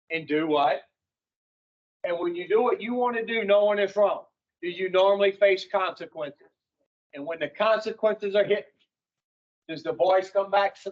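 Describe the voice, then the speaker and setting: A man's voice: sits high, muffled recording. A man speaking to an addiction recovery group in a folksy, preaching way, putting rhetorical questions to his listeners.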